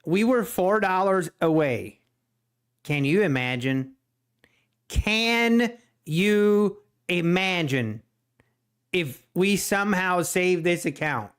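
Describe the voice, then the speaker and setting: A man hosting a live day-trading stream, excitable, laughing often and repeating himself. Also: high voice, a little slow, smooth. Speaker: day-trading livestream host.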